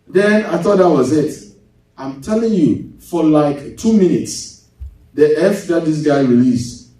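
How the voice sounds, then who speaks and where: A man preaching a sermon as pastor, lively, going from loud to hushed and laughing as he tells stories. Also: a little high, takes it slowly. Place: church. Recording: echoey church hall, mic at a distance.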